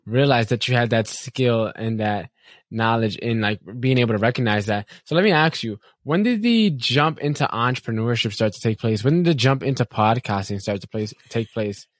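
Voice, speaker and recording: A man's voice: medium pitch, no echo, studio quality. A man hosting a podcast interview, encouraging his guest and asking several questions in a row. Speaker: podcast host.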